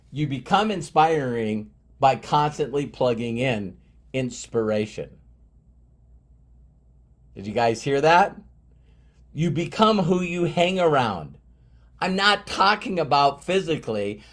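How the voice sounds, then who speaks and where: Slow, emphatic motivational speaker, male. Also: mid-range voice, very animated. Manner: emphatic, repeats phrases for effect. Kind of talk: motivational talk.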